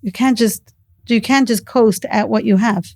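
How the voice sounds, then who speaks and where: A middle-aged woman, the host's mother and a guest on the show, talks earnestly in casual conversation. Her voice is a little high with a darkish tone and moderate pace, recorded without echo, and she tells stories sprinkled with Hebrew and Yiddish words.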